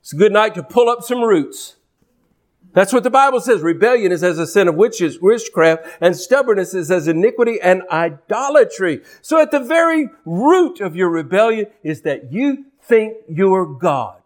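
A man's voice: high voice, expressive, normal speed. A man preaching a sermon with passion, repeating and restarting his phrases and acting out the speech he quotes.

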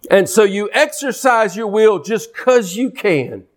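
Male preacher, high voice, fervent sermon delivery with repeated phrases and acted-out quotes. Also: animated, unhurried. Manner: impassioned, repeats and restarts phrases, acts out quoted speech.

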